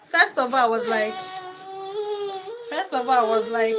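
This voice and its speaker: A woman's voice: a little high, lively intonation, normal speed. A woman chatting casually at home in her vlog, scolding her child between remarks. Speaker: vlogger. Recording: loud ambient noise.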